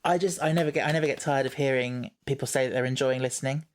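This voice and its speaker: A man's voice: medium pitch, steady tone, fast. Chatty man co-hosting a podcast. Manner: chatty, reads listener messages aloud. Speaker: podcast co-host. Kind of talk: casual podcast chat.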